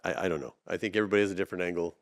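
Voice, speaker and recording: A man's voice: low voice, very fast, vocal fry, no echo, clean studio sound. A man co-hosting a talk show, chiming in with short supportive replies and musing asides. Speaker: podcast co-host. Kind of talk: casual chat.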